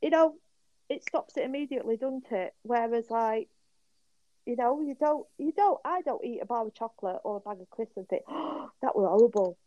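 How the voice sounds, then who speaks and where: Lady rambling chattily, dry sound, a bit high. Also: expressive, a little fast, warm tone, no room sound, highs cut off. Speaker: podcast guest. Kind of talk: casual chat.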